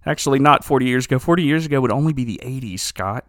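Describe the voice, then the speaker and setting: Talking fast at medium pitch, this man is a podcast co-host in a casual conversation. He recaps a TV episode like an animated storyteller, performing the quotes and laughing a lot, and the studio-quality audio has no room sound.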